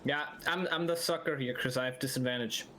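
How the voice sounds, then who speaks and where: A man playing a tabletop game, joking and swearing in quick banter. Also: medium pitch, pushed and bright, a little hiss or hum. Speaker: player. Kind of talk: casual game chat.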